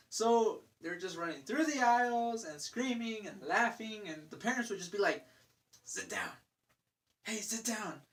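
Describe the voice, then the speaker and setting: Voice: mid-range voice, fairly bright tone. Young vlogger ranting, swearing freely. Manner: profane, exasperated ranting with fillers. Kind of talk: casual storytelling rant.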